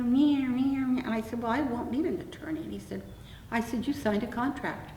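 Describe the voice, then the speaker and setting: A woman's voice: on the high side, moderate pace. An older woman, a guest in an oral-history interview, telling a story in a blunt, wry way with lots of quoted back-and-forth. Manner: animated anecdote with quoted dialogue, blunt and wry. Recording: roomy echo, distant mic, faint room hum.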